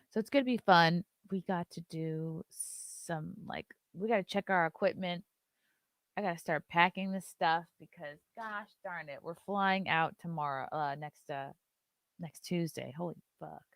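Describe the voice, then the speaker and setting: A woman's voice: on the low side, dry recording, studio quality. A woman hosting a live-stream show, chatting loosely, reading viewer messages aloud and swearing casually.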